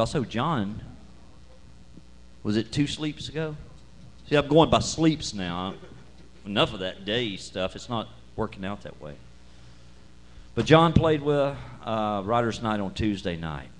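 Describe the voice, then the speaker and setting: Low-voiced joking bar emcee man. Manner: rambling, self-mocking, chuckles between lines. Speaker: emcee at a live music night. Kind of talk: casual joking stage banter.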